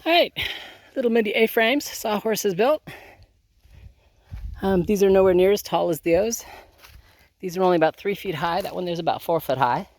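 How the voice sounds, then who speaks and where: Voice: medium pitch, moderate pace, pauses often, no echo. A gardening vlogger chatting to camera outdoors in a garden and hoop tunnel, thinking aloud with many ums, filmed on a handheld phone. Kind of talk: casual chat to camera while working.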